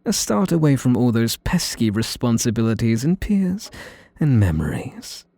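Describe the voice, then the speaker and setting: A man with a British accent playing a possessive, sweetly menacing young male mage in an ASMR role-play, talking in a soft, teasing, condescending way. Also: mid-range voice, big pitch swings, moderate pace, dry recording. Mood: soothing.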